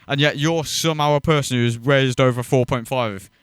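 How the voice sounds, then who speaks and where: A man's voice: medium pitch, normal speed, smooth, no echo, studio quality. A man hosting a reaction video, mocking and swearing as he rants in scornful commentary.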